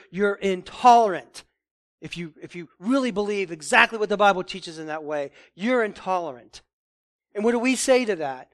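Male preacher, high voice, emphatic sermon delivery with frequent restarts. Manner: forceful, rising to emphatic declarations; often restarts and repeats words.

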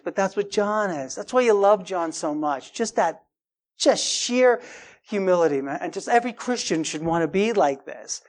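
Guy preaching a sermon, emphatic, keeps repeating himself, urgent. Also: fairly high pitch. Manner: urgent and emphatic, repeats words, calls out "man" and "right?".

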